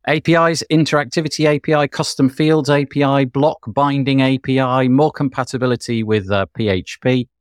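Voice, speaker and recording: A man's voice: medium pitch, steady tone, moderate pace, hardly any pauses, no echo, clean studio sound. A man hosting a podcast, chatting about tech news in an enthusiastic, rambling way. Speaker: podcast host. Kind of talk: casual tech news chat.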